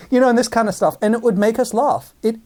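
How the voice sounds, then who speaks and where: A man, possibly, telling stories in a casual monologue, animated and full of restarts. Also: very high voice. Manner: animated storytelling with many restarts.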